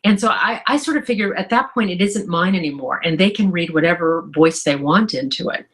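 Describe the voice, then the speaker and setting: A woman's voice: lowish voice, animated, brisk, a bit bright. A woman author answering interview questions in a thoughtful, enthusiastic way. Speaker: author guest.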